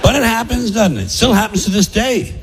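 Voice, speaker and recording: A man's voice: high-pitched, animated, fairly quick, slight background noise. A man doing a stand-up comedy set, with a sardonic, punchy, rhythmic delivery. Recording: live theater with long reverb.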